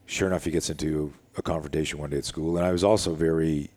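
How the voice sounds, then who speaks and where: An older man, a self-defense instructor, telling a story in an interview in a casual, animated way and acting out the dialogue. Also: extremely low pitch, fast. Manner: animated, acts out quoted dialogue, casual with frequent "dude" and "like".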